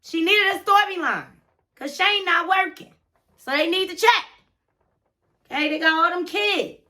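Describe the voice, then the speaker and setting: Sassy high-voiced woman recapping gossip. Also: measured pace, sharp tone. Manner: sassy, gossipy, addresses viewers directly. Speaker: reality TV recap vlogger. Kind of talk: casual recap commentary to viewers.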